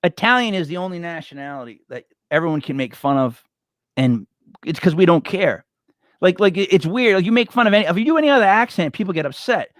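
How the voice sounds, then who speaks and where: A man's voice: high-pitched, expressive, fast talker, no echo, studio quality. A man co-hosting a casual live-streamed wrestling chat, ranting with strong opinions. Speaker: wrestling podcast co-host.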